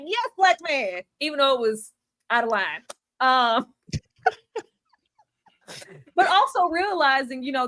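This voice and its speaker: Woman co-host, higher register, lively casual reviewer who acts out quotes. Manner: animated, acts out quotes in changing voices.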